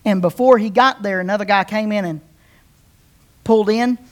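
A pastor preaching a sermon in a conversational storytelling way, often repeating phrases and checking in with the congregation. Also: normal speed. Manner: conversational, repeats phrases, asks the crowd "right?"; animated, with big swings in pitch and loudness.

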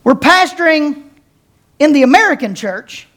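A woman pastor delivers a sermon in a high, bright voice. She preaches with drawn-out dramatic pauses and leans into folksy, playful slang. She keeps calling out to her congregation for a response. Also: expressive. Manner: dramatic preaching with slow emphatic pauses, addressing the congregation directly.

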